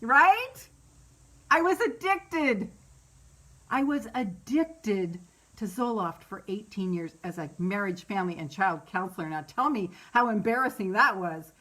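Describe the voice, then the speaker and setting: A woman's voice: mid-range voice, animated, unhurried, a bit bright. A middle-aged woman hosting a casual live stream, candid and rambling, who laughs often and swears freely. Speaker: meditation host on a live stream.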